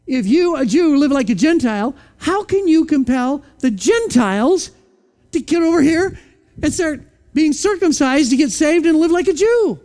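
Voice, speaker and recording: A pastor preaching a sermon in church, firing off rhetorical questions and sometimes dropping to a quiet, low voice to land a point. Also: lively intonation, moderate pace.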